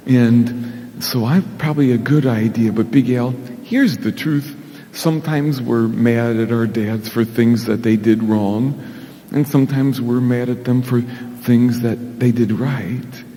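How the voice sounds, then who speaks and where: A man giving a children's message in church, gentle and sing-song, talking with a puppet. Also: medium pitch, fairly even intonation, a little slow, big-room sound. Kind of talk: children's sermon with puppet dialogue.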